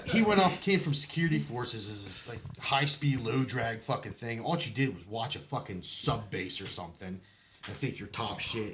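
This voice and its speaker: A man's voice: medium pitch, sing-song, normal speed, a little hiss or hum. A man telling his military stories as a podcast guest, in casual storytelling style, swearing freely and laughing often between lines. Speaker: podcast guest, Marine veteran.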